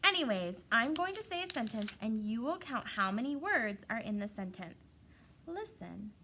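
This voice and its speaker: A woman's voice: fairly high pitch, sing-song, normal speed, pushed and bright, slight background noise. A young woman teaching an online kindergarten class in a playful, sing-song way, stretching her words and often repeating herself.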